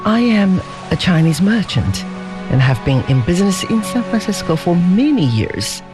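A man reading the part of a proud immigrant merchant father who speaks calmly and solemnly. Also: high voice, moderate pace, music in the background. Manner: calm, solemn storytelling.

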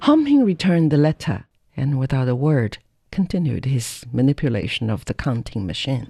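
A narrator reading a classic short story aloud in measured, unhurried storytelling. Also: medium pitch, sing-song, creaky, warm tone, slightly rough, no room sound. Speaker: audiobook narrator. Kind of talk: scripted narration.

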